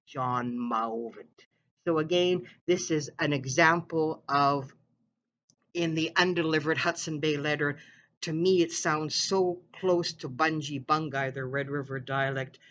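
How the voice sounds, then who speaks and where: A podcast host from Manitoba, speaking earnestly in casual commentary, with frequent pauses and "uh"s. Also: medium pitch, fairly even intonation, a bit bright, muffled recording, a little hiss or hum. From Manitoba, Canada. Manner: earnest, halting, with frequent "uh" and "again".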